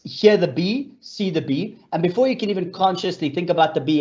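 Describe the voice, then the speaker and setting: A man with a fairly high voice gives an explanatory talk, telling stories with lively energy. He repeats his key points and calls his listeners friends. The recording sounds dull and lo-fi. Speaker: speaker on mental health for leaders.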